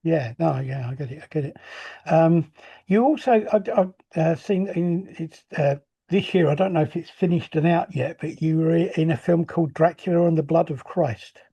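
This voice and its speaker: A man's voice: on the high side, normal speed, gravelly, warm tone, husky, dull audio. A man hosting a podcast, interviewing a guest in a casual, hesitant way with many restarts. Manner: hesitant, restarts questions, plenty of uh and I, I.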